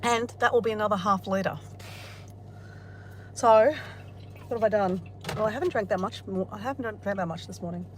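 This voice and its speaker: A woman's voice: mid-range voice, normal speed, pauses often. Woman, candid vlog chat, emotional, swears freely, faint car hum. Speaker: vlogger. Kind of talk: casual talk to camera.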